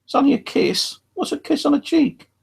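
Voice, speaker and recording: A man putting on a high cheeky old man. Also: expressive, normal speed, creaky, heavily acted. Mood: teasing. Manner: teasing, brushing off complaints.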